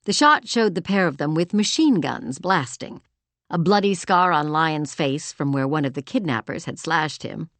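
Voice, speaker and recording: A woman narrating a romance audiobook in an expressive storytelling manner, also speaking the heroine's lines. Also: sits low, moderate pace, no echo. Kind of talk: scripted narration.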